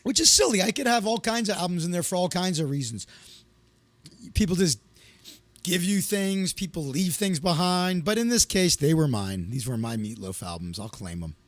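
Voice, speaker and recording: A man hosts a comedy live stream, telling his viewers rambling stories in a casual, loose, anecdotal way, full of fillers and restarts. His voice is high and animated at a moderate pace, with no echo.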